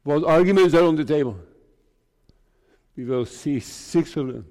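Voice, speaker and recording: A man preaching a sermon to his congregation, speaking slowly in short, measured phrases. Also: on the high side, a little mellow. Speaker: pastor. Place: church. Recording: reverberant church hall.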